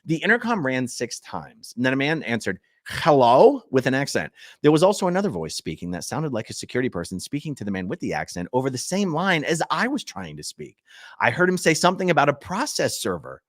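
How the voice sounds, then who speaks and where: A man's voice: medium pitch, big pitch swings, quick pace, no echo, clean studio sound. A man hosting his channel, reading legal documents aloud and stopping for chatty asides to his viewers. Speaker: channel host.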